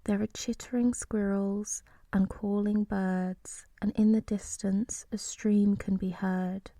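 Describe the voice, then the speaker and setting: Soft whispering woman, slow and dark. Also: medium pitch, flat delivery, dry recording, clean studio sound. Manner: slow, soothing rhyming narration. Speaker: sleep story narrator. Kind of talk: whispered role-play.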